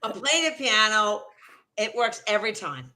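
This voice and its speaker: A woman musician talking in a casual chat, who laughs a lot and answers in quick short remarks. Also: mid-range voice, very animated, sharp tone. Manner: laughs often, gives short agreeing replies. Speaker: musician and arranger.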